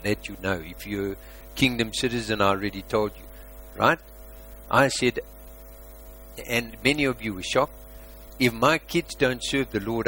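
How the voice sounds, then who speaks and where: A man preaching a sermon as a pastor, asking rhetorical questions and swinging between loud emphasis and quiet asides. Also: lowish voice, slight background noise, rough recording.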